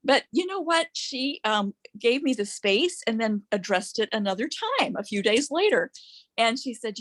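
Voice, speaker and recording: A woman's voice: mid-range voice, normal speed, a bit bright, no echo. Earnest middle-aged lady doctor, tells it like a story, dry sound. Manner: earnest storytelling, quotes others in dialogue. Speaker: physician turned business leader. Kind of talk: recorded conversation in a training call.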